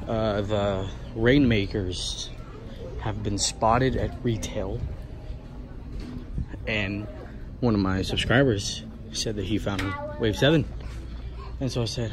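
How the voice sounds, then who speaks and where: A young man vlogging while out hunting for toys, rambling quickly and raising his voice over loud music in a big store. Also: medium pitch. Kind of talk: casual vlog chat. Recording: noisy store sound behind.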